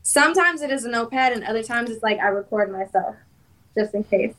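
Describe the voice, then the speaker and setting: A young woman, a rapper guesting on a podcast, talking in a relaxed, easygoing way in a studio. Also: a little high, a little fast, poor audio. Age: young adult. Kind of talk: casual podcast conversation.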